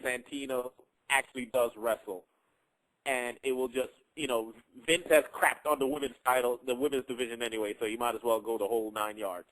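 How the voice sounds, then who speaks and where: A man's voice: mid-range voice, fairly even intonation, brisk, fairly bright tone, rough recording. A man hosting a radio quiz, hesitant and self-amused as he reads out questions and gives points. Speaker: quiz moderator and host. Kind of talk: casual radio chat.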